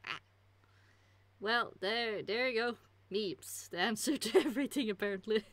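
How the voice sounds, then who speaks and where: A woman hosting a casual interview chat, giggling often with soft asides. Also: on the high side, normal speed, no echo.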